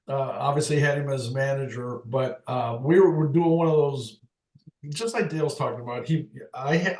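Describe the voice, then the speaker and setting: A man, a former umpire, recalling baseball stories in casual chat, halting and restarting often. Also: medium pitch, roomy sound. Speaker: retired umpire guest.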